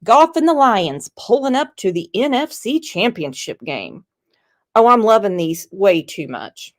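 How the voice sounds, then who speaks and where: A woman with a Southern US accent hosts a casual livestream, teasing her guest and reading viewer comments aloud. Her medium-pitched voice is sing-song and a little slow.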